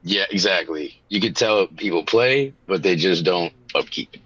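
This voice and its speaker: A man on a panel, chatting casually, blunt and swearing freely as he tells animated stories. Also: deep voice, unhurried, husky, no room sound. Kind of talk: casual chat. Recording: dull lo-fi mic.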